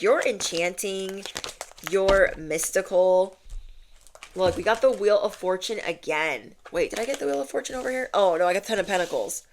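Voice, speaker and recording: A woman's voice: fairly low pitch, a little hiss or hum. Chatty woman giving a tarot reading. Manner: chatty and emphatic, addresses viewers directly. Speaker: tarot reader. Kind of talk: casual spiritual tarot reading.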